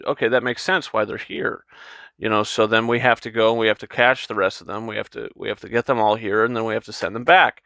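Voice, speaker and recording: A man's voice: fairly low pitch, bright, forceful tone, dry recording, clean studio sound. A man giving a casual, enthusiastic spoken film review, rambling with lots of fillers and restarts. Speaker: movie reviewer.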